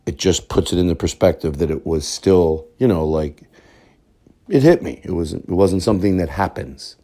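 A man's voice: deep voice, normal speed, mellow. A man talking through a reflective voice memo played on a podcast.

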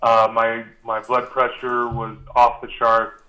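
Man telling a rambling story, bright voice. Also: medium pitch, monotone, slow pace, rough recording. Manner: rambling anecdote with restarts and many fillers. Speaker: podcast guest. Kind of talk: casual storytelling.

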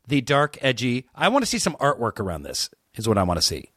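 A man guest on a podcast, playfully pitching absurd jokes in casual chat. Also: huge pitch swings, fast talker, fairly bright tone, breathy edge.

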